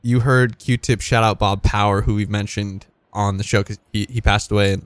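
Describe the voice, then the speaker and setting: A man's voice: on the low side, fairly even intonation, moderate pace, no echo. A man co-hosting a community radio music show, easygoing and casually profane, introducing tracks with some hesitation. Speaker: radio co-host.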